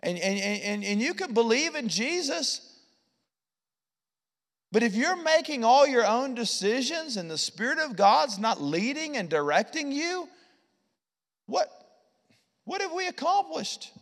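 A male pastor with a high voice delivers a lively, story-driven sermon. He stutters over words as he builds to each point. His voice rings out with a long reverb, as in a large church sanctuary. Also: measured pace, pauses often. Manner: storytelling preacher, animated, repeats words when building a point.

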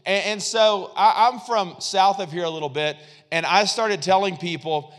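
A man pastor delivers a sermon in a church sanctuary, talking in a loose, conversational way and often repeating phrases. He calls out to the congregation to answer back. His voice sits high for a man and trails off into a long hall reverb. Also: moderate pace, hardly any pauses, a bit bright. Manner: conversational preaching with repetitions and audience call-and-response.

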